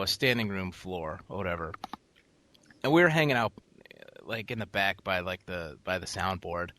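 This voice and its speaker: A man co-hosting a casual podcast, telling animated, profane stories with loud outbursts. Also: sits low, no room sound. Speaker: podcast co-host.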